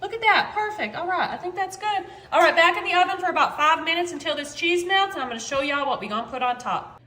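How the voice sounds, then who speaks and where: Casting: high, bright-voiced woman, chatty cooking host, echoey home kitchen. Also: expressive, quick pace. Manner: chatty and bubbly, says y'all often. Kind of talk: casual cooking chat to camera.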